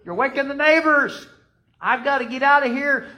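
A man playing a freshly freed man who hushes others and pleads urgently to be heard. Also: very high-pitched, moderate pace, voice pushed up.

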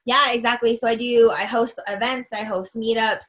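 A woman who coaches women, talking casually and earnestly in a podcast conversation, gushing and breaking into excited bursts of emphasis. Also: on the high side, normal speed. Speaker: women's self-love coach.

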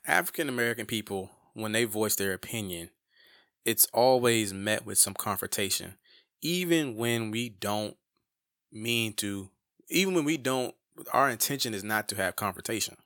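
A community advocate, a man, talks through his experiences in an emphatic, heartfelt way, breaking off and restarting as he pushes his point. His lowish voice is resonant and forceful, with a bright edge. The sound is dry, with no room echo. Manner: passionate and emphatic, self-interrupting restarts. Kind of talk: personal storytelling.

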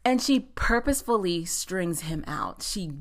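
A woman with a low voice, talking through a TV episode as a casual recap. She is chatty and animated. She swears freely and laughs a lot. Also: a little slow. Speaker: show recapper.

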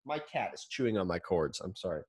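A man's voice: sits low, very animated, a little fast, heavy background noise. A man co-hosting a casual podcast chat from home, rambling and giggly, often breaking off mid-sentence. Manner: rambling, self-interrupting, giggly. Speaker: podcast co-host. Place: home, with his cat on his lap.

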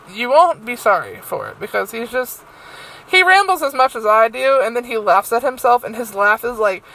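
A woman's voice: a little high, pushed and bright, rough recording. A young woman hosting a solo podcast, rambling and swearing freely with lots of fillers. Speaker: podcast host.

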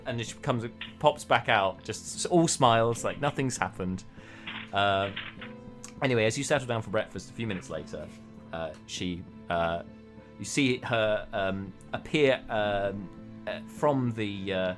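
A man's voice: fairly low pitch, moderate pace, faint music behind. A man narrating as game master of a tabletop game, rambling with many hesitations. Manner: rambling, many fillers and restarts.

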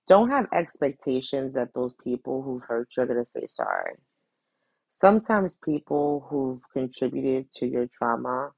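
A woman's voice: very deep voice, gravelly, darkish tone, no room sound, highs cut off. A woman hosting a podcast, talking earnestly and directly to her listeners in a casual, heartfelt monologue full of restarts and repeated phrases. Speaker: podcast host.

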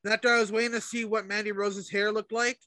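Man, co-host, laid-back, casual swearing, very high voice, dry close sound. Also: flat delivery, fast talker, pushed and bright, no echo. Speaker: podcast co-host. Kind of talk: casual wrestling chat.

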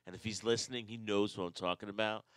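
A man from New York co-hosting a podcast, telling profane, animated stories with bursts of laughter. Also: lowish voice, fast talker, smooth, no room sound. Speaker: podcast co-host. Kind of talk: crude casual storytelling.

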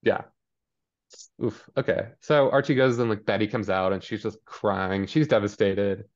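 A man with a slightly low voice chats through a TV episode for a podcast, jumping into character bits as he goes. The recording sounds dull and lo-fi. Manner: animated, acts out characters in quick asides. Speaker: podcast co-host. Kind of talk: casual recap chat.

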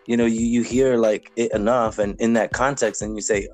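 A man's voice: mid-range voice, steady tone, fast, hardly any pauses, a little mellow, soft background music. A Cuban American man telling stories as a podcast guest, rambling with many fillers and restarts and chuckling often. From United States, Cuban American. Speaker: podcast guest, language learner. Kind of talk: casual conversational storytelling.

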